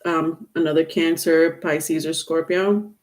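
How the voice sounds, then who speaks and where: A woman's voice: low-pitched, fairly even intonation, unhurried. A woman doing a live-stream tarot reading, chatty and loose, laughing often and trailing off with fillers and restarts. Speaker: tarot reader.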